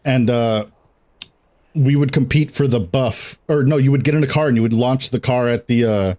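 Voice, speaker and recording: A man's voice: mid-range voice, moderate pace, darkish tone. A young man streaming and chatting casually about games, rambling, swearing a lot and laughing often. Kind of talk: casual chat while gaming.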